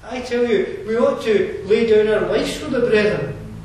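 A man with a Scottish accent preaching a sermon, conversational and digressive, often pausing with fillers and restarting his sentences. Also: high voice, a little mellow. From Scotland. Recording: echoey room from far off, faint ambience.

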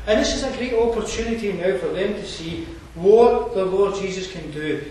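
High-voiced preacher in an echoing hall. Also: male voice, normal speed, dark tone, a little hiss or hum. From Scotland. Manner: earnest, conversational preaching with fillers and asides. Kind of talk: sermon. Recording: roomy distant hall mic.

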